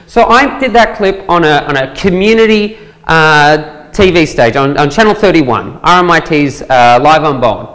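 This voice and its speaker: An Australian man giving a stage talk with a stand-up bit, telling stories in a lively, joking way. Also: high-pitched, moderate pace. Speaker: speaker presenting a talk. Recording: long reverb from a large hall.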